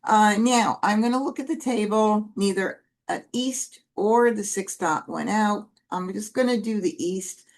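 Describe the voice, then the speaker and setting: Speaking a little slowly in a mid-range voice with hardly any pauses, a woman plays Mah Jongg while casually teaching its strategy, chatty, self-correcting and full of asides.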